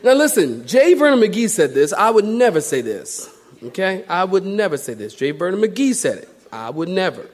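A man's voice: sits high, sing-song, moderate pace. A man preaching a sermon as pastor, joking and acting out the people he quotes. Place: church.

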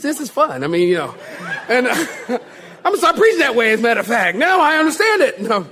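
A man's voice: very high voice, quick pace, slight background noise. A male pastor preaching a sermon, joking and slipping into mock voices to make his point. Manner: humorous, animated, mimics voices for laughs.

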